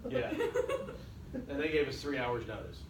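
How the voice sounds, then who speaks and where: A man's voice: medium pitch, normal speed, creaky, slight background noise. Joking man lecturing, roomy. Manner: wry, joking asides to students. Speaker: college instructor. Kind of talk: classroom lecture. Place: classroom. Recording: echoey classroom from far off.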